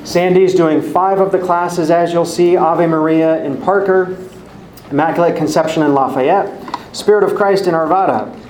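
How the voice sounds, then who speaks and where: A man's voice: on the high side, steady tone, normal speed, a little mellow, a little hiss or hum. A man who teaches a Bible study, giving friendly, organized announcements to a live group in a church hall. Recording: echoey church hall, faint ambience.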